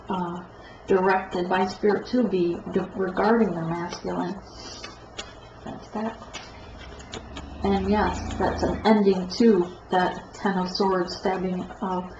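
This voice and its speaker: A woman giving a rambling tarot card reading, with a stuffed-up nose and a halting, self-correcting way of talking. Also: mid-range voice. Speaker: tarot reader. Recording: echoey room, dull lo-fi sound, faint noise.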